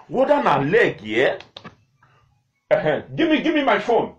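Chatty Nigerian man with a lively voice. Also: high-pitched, a little slow, long pauses. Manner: chatty, repeats himself, talks to viewers directly. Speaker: host of a live video. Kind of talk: casual live-stream commentary in pidgin.

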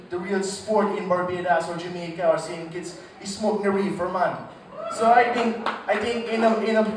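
A young man doing crude stand-up comedy on stage, joking with stammering restarts. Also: high voice. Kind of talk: stand-up routine. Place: stage at a live venue. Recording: echoey live venue from far off, crowd.

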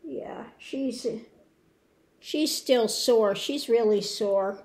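A woman who hosts a spiritual tarot channel gives a casual update from home. Her slightly high voice is soft and unhurried as she rambles, cooing to her pets along the way.

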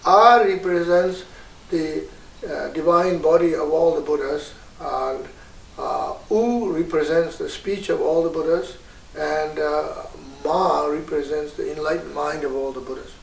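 A man with a Tibetan accent teaching a guided meditation, slow and patient with many hesitations. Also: on the high side, steady tone, gravelly. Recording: roomy, distant mic.

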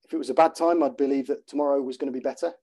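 A man's voice: medium pitch, fairly even intonation, very fast, warm tone, slightly rough. A man in his fifties, a former soldier, giving a talk and reading a chapter of his book aloud with dry, self-deprecating humour. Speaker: conference speaker, former soldier.

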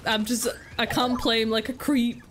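A woman's voice: a little high, little pitch movement, normal speed, a little hiss or hum. A young woman streaming a video game, chatting casually, giggling and breaking off her own sentences. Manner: chatty, giggly, self-interrupting. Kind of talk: casual gameplay commentary.

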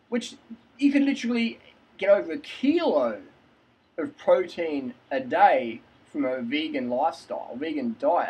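A man's voice: high-pitched, sing-song, moderate pace, husky, poor audio. A man telling a story in a casual vlog, acting out both sides of the conversation and laughing often. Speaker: fitness vlogger.

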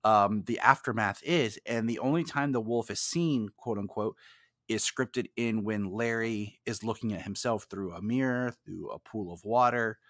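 A man's voice: on the low side, normal speed, fairly bright tone, no room sound, studio quality. A man appearing as a podcast guest and film expert, talking in a rambling way with many restarts. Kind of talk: casual film discussion podcast.

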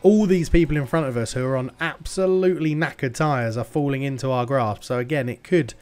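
An excitable man narrates his racing management game as he plays. He swears freely, groans at rival drivers and yells encouragement, with his voice jumping between frustration and cheering. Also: medium pitch, a little fast. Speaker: gaming YouTuber. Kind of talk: game commentary.

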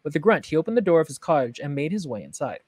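A woman's voice: low voice, sing-song, rapid-fire, a little mellow, breathy edge, no echo. Female podcast critic, frank and wry, dry close mic. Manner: frank, wry and analytical, with many fillers. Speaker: podcast host and writing critic. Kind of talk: casual critique chat.

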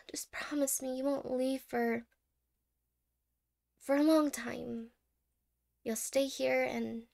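A woman voicing a clingy, anxious young girlfriend in a whispered role-play, soft-spoken, stammering and apologetic. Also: high voice, creaky, full character voice. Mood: tender, wistful. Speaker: ASMR role-play creator.

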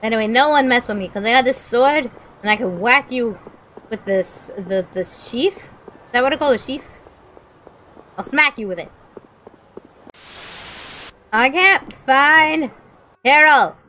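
A woman's voice: fairly high pitch, expressive, moderate pace, long pauses, a bit bright, a little hiss or hum. Goofy woman in her late twenties. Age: late 20s. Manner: goofy, rambling, joking. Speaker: gamer. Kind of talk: casual game commentary.

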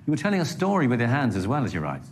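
A man's voice: medium pitch, wildly swooping pitch, very fast, a little hiss or hum. A man giving a one-on-one presentation coaching session with patient, encouraging instructions.

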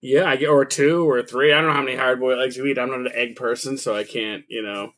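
A man's voice: medium pitch, steady tone, fast, fairly bright tone. A man co-hosting a casual podcast, telling a story in a rambling way with restarts. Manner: rambling, trails off and backtracks mid-story. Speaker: podcast co-host.

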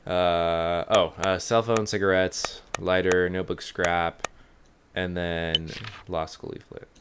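A man's voice: sits low, flat delivery, slow pace, background noise. Casual man narrating a game. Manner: casual, thinking aloud. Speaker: let's player. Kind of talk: gaming commentary.

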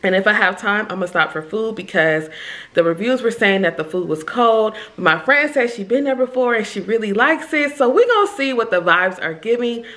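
A woman vlogger chatting casually to her viewers, upbeat and fast-talking, with slangy phrasing. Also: medium pitch, lively intonation, a bit bright. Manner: upbeat, chatty, uses slang like "giving vibes". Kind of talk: casual vlog chat to camera.

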